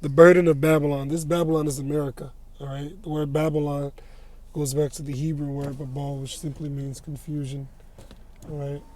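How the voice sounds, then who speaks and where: A male preacher delivers a scripture lesson in a steady teaching tone. His voice sits a little high but sounds dark and mellow, and it stays flat in pitch. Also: brisk. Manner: repeats "all right?" as a tag, steady teaching tone. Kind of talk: sermon lesson.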